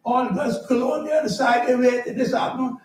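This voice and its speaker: A man preaching a sermon as pastor, animated and storytelling, sometimes shouting. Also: very high voice, normal speed, a little hiss or hum. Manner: animated, shouting at times, storytelling with acted dialogue. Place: church. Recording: echoey church hall, mic at a distance. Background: congregation answering.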